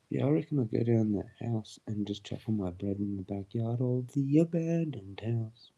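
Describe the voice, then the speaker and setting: A man's voice: medium pitch, expressive, normal speed, vocal fry, hardly any pauses, mellow, husky, highs cut off. A young man chatting on a livestream, crude and slangy, often laughing and putting on mock voices. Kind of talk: rambling casual livestream chat.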